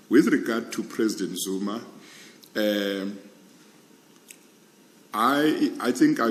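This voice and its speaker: A man answering questions at a formal hearing, measured and hesitant with many pauses. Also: low-pitched. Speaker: candidate being interviewed. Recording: echoey hall with faint room noise.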